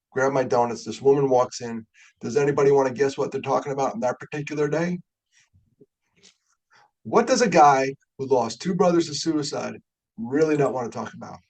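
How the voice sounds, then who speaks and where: Middle-aged male guest speaker, husky, gravelly; casual, joking, candid delivery. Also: medium pitch, a little mellow, poor audio. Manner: conversational and joking, openly emotional. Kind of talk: webinar talk.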